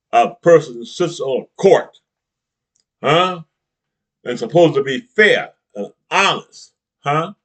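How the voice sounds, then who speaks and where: Middle-aged man, slightly high voice, heated profane monologue full of "huh?" asides and chuckles. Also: fairly bright tone. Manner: blunt and profane, peppers talk with "huh?" and "you know what I'm saying"; chuckles between heated points. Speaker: political commentator. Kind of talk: ranting political monologue.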